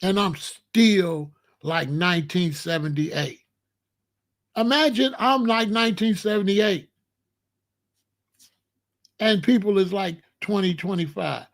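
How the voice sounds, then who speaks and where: A man's voice: sits high, gravelly, fairly bright tone. A man in his sixties hosting his own show, talking in a casual, emphatic monologue and drawing out his phrases. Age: 60s. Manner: emphatic, repetitive, drawn-out phrasing. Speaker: show host.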